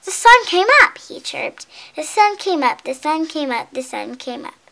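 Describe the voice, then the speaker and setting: A woman voicing an excitable, boastful little male squirrel in a storybook reading, with a chirpy sing-song manner. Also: sits high, moderate pace, gravelly, heavily acted. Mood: gleeful teasing.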